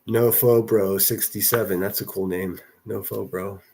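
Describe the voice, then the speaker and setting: A man's voice: lowish voice, fairly even intonation, a little slow, darkish tone, slightly rough. Rambling man reading his livestream chat. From northern US city. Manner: rambling, reads chat aloud, frequent restarts. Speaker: livestream host. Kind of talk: casual livestream commentary.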